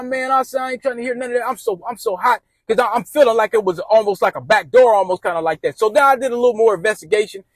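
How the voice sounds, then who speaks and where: High-voiced man telling a rambling storytime. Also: dry recording. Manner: slangy, rambling, acts out friends' quotes. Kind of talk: casual storytime monologue.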